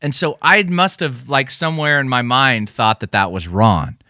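A man's voice: medium pitch, normal speed, pushed and bright, no echo, studio quality. A man co-hosting a casual podcast, telling stories full of fillers and restarts. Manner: rambling storytelling with many fillers and restarts. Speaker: podcast co-host.

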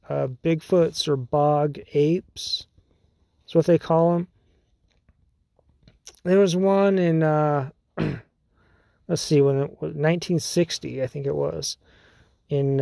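A man talks through his solo podcast in a loose, rambling way, often breaking into laughter and restarting his sentences. His voice sits a little high for a man but has a dark, mellow tone. He speaks slowly, and the sound is dry and close. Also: creaky, clear, resonant tone, dry recording. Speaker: podcast host. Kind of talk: casual solo podcast monologue.

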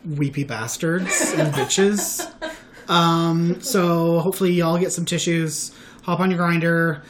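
A man hosting a podcast, talking candidly in a casual chat, halting and restarting often. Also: on the high side, crowd noise. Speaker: podcast host.

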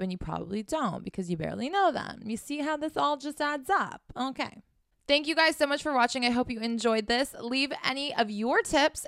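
Young woman, dating coach, casual vlog, blunt and swearing, smooth clear voice, dry close sound. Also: lowish voice, a bit bright, no echo. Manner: blunt and profane, chatty.

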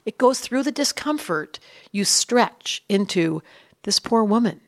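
A woman's voice: mid-range voice, a little slow, dry recording, clean studio sound. An older woman, an astrologer guest on a podcast, talking casually and acting out the people in her stories. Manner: animated storyteller, acts out quotes.

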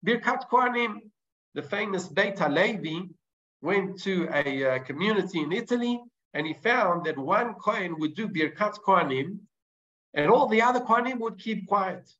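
A man leads a Talmud lesson in a fairly high voice. He works through the argument step by step, dropping Hebrew terms into his English and restarting sentences as he goes. The recording sounds dull and lo-fi. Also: expressive, normal speed, a bit bright. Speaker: Torah teacher. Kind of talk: Talmud class lecture.

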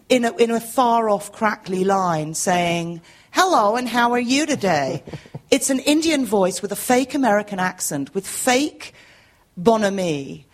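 A woman in the audience of a panel discussion, asking a long, reflective question in an articulate way. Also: medium pitch. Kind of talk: question from the floor.

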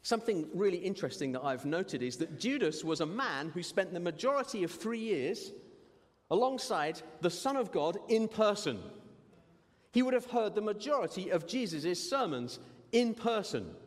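A man preaching a sermon, telling stories in an animated way with lively asides. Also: high voice, moderate pace. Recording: long hall reverb.

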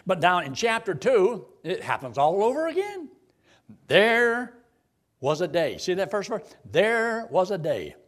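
A man's voice: a little high, very animated, normal speed. A man preaching a sermon in a dramatic, folksy way, full of rhetorical questions and acted-out scenes.

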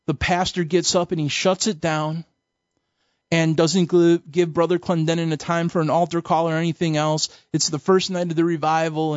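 A man preaching a sermon-style teaching lesson, his voice a little high, emphatic and casual as he tells stories. The sound is close and dry with no room echo. It comes through on a dull, muffled recording. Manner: emphatic, colloquial preaching with storytelling. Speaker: Bible teacher.

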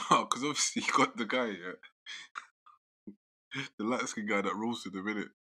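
A man, talking in a relaxed, slangy way. His voice is very bright and forceful, and he often laughs while he tells a story. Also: lowish voice, moderate pace, breathy edge. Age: 30s. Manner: laughs through his own stories, slangy. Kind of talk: casual chat.

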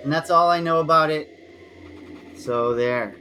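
A man's voice: a little high, measured pace, bright, forceful tone, a little hiss or hum. A man joining a podcast chat and making wisecracks. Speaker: guest. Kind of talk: casual chat.

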